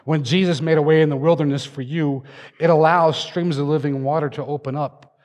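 A man's voice: fairly high pitch, steady tone, a little fast, a little mellow. A man preaching a sermon from a church stage, telling a story with dramatic flair. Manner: dramatic storytelling, acting out voices. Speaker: pastor. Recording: long hall reverb.

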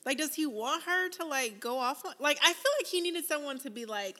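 A blunt woman co-host with a high, bright voice, reacting in casual chat. She talks loosely with plenty of fillers and an occasional curse. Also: a little fast. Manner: animated, blunt and swearing, filler-heavy. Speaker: podcast co-host.

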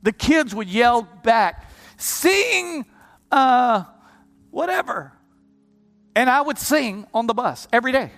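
A high-pitched man preaches his testimony from a church platform, impassioned and repeating himself in quick bursts. His voice rings out with a long hall echo and soft music playing underneath. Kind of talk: sermon testimony storytelling. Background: live keyboard music.

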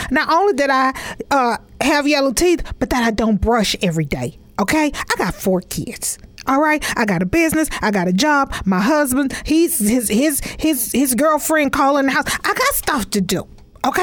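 A woman's voice: high voice, no echo. Chatty woman in her forties, dry sound. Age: 40s. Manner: chatty and rambling, full of "you know" and "okay?" asides. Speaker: mother telling a family story. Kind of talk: comedic storytelling monologue.

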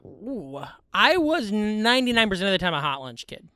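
A man co-hosting a loose comedy podcast, joking quickly and laughing often. His voice sits high and comes across crisp and clear. The recording is dry and close, with no room sound. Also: sing-song, pushed and bright, no room sound. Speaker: podcast co-host. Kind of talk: casual comedy podcast chat.

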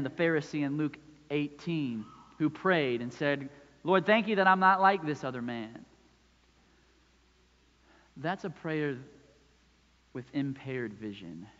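A man in his thirties preaching a sermon, talking conversationally and often checking in with "right?". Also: mid-range voice. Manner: conversational preaching with frequent "right?" tag questions. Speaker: pastor. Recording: dull sound with long hall reverb.

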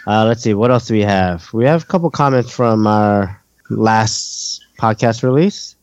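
A man's voice: fairly low pitch, measured pace, a little mellow, dry recording, muffled recording. Man, New Jersey accent, podcast co-host, casual, laughs a lot, dry close recording. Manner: laughs often, reads listener comments. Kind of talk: casual chat.

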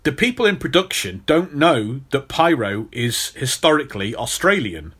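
A man's voice: medium pitch, big pitch swings, moderate pace, fairly bright tone, husky. Male podcast host, casual storyteller, loose delivery with plenty of restarts. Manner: storytelling, repeats words when restarting.

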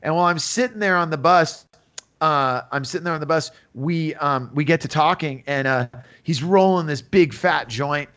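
A man's voice: fairly high pitch, moderate pace, a bit bright. Interview guest, man in his fifties, loose chatty storytelling full of fillers, dull recording. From San Francisco Bay Area. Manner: rambling, full of fillers, acts out quotes. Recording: dull lo-fi audio.

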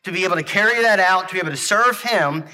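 A man preaching a sermon, earnest and halting, often repeating himself and speaking to the children in the congregation. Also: high voice, bright, forceful tone. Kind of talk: sermon with object lesson.

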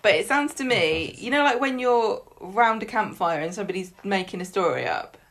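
A woman, co-hosting a casual chat and throwing in quick, sarcastic remarks. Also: mid-range voice, lively intonation, a bit bright. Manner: sarcastic, quick-witted interjections. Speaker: podcast co-host.

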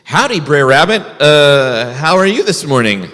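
A man voicing a grumpy, slow-witted old male bear with a folksy, puzzled way of asking. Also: a little high, very animated, fairly bright tone, in a large hall.

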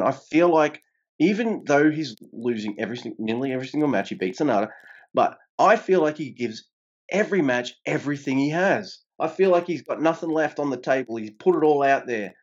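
A man chatting casually on a podcast, animated and profane, his voice leaping upward whenever he gets emphatic. The recording is dull and lo-fi. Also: a little fast. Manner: animated, swearing, pitch jumps up when emphatic. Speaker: podcast co-host reviewing wrestling.

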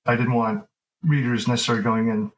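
A man talks casually with a mid-range voice, circling his points with plenty of fillers and self-corrections. He keeps a loose, easygoing conversational flow, pitched in an ordinary register. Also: a little fast, rough recording. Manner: relaxed, rambling, many fillers and restarts. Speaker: author guest.

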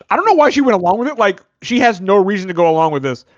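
Animated man on a dull, dry mic. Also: sits high, no room sound. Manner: animated, incredulous, swearing. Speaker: podcast co-host. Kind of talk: casual movie review chat.

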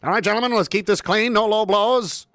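A man voicing a stern old-timey boxing referee who lays down the rules with mock gravity, in a loud, high, theatrical radio voice. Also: brisk, no room sound, studio quality. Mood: officious.

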